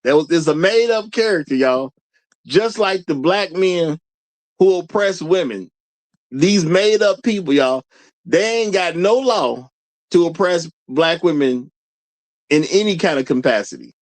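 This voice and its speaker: Male live-stream host, casual and rhetorical, laughs a lot, animated intonation. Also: on the high side, unhurried. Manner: laughs often, repeats lines for emphasis; rhetorical, questions the audience. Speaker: show host.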